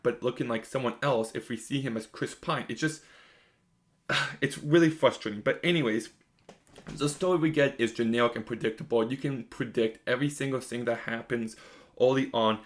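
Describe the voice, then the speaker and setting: A young man talks through a film review in a casual, unscripted way, frank and openly exasperated. His voice sits at an ordinary middle pitch, and he leans on fillers as he goes. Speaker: movie reviewer.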